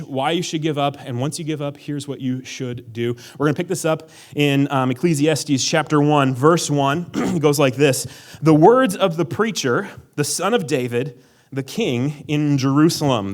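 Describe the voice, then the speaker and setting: A man giving a casual sermon as pastor, joking and sarcastic, talking conversationally with many fillers. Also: medium pitch. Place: church hall.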